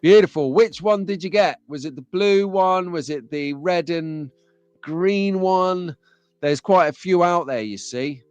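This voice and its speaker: A man's voice: high-pitched, a little slow, smooth, no echo, muffled recording. An English man hosting a casual live stream, chatting and joking with viewers and laughing often. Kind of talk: casual live chat reading viewer comments.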